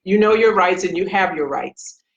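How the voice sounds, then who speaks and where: A woman's voice: fairly low pitch, lively intonation, normal speed, lo-fi sound. A woman, a retired police sergeant, giving casual commentary on a Facebook Live stream. She speaks directly and earnestly, addressing viewers by name.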